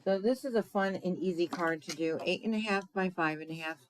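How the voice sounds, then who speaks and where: A woman's voice: on the low side, brisk, slight background noise, poor audio. A woman hosting a card-making tutorial in a chatty way, often checking in with "right?" and laughing at her own slips. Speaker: crafting demonstrator.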